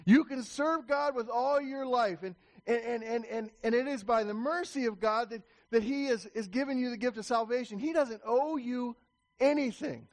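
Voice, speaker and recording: A man's voice: very high voice, normal speed. A man preaching a sermon to his congregation in a church, emphatic and repetitive, raising his voice to call for attention. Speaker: pastor.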